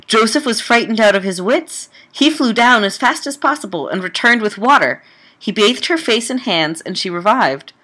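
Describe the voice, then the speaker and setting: A woman's voice: on the high side, expressive, moderate pace, pushed and bright, slightly rough. A woman reading an old Gothic novel aloud with drama, breaking off now and then for wry, casual comments. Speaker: audiobook reader and podcast host.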